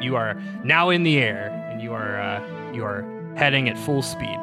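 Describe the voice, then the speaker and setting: A man narrating as game master in a tabletop game, chatty and quick to laugh at himself. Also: medium pitch, animated, over music. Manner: laughing, self-deprecating, chatty.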